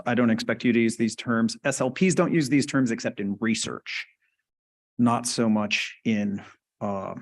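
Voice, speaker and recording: A man giving a conversational clinical lecture at a conference, often checking in with the audience. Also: mid-range voice. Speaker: conference lecturer on stroke speech therapy.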